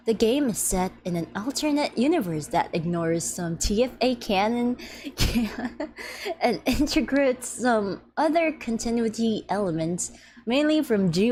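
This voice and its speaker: Giggly young woman streamer, lively voice. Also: mid-range voice, slight background noise. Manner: giggly, playful, reads game text aloud. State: slightly deep morning voice. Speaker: VTuber streamer. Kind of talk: casual live-stream chat. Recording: faint music behind.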